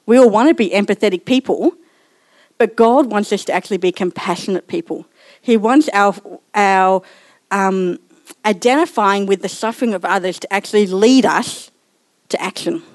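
A woman's voice: medium pitch, normal speed, no room sound. A woman giving a sermon in a personal, chatty way and laughing at herself now and then. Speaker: church speaker.

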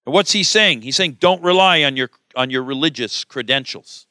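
A man's voice: mid-range voice, normal speed, pushed and bright, dry recording, studio quality. A middle-aged man preaching a sermon, emphatic and full of rhetorical questions.

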